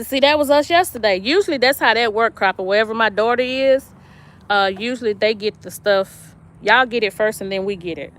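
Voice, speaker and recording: A woman's voice: mid-range voice, fairly bright tone, a little hiss or hum. Chatty woman live-streaming from her yard. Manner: chatty, laughs often, reads viewer comments aloud. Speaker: vlog host. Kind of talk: casual live-stream chat. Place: outdoors in a yard.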